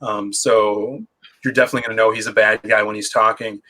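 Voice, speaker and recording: A man's voice: lowish voice, little pitch movement, fairly quick, bright, forceful tone. Chatty man talking about his comic. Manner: chatty, rambling with many fillers. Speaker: guest comic book creator. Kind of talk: casual livestream interview.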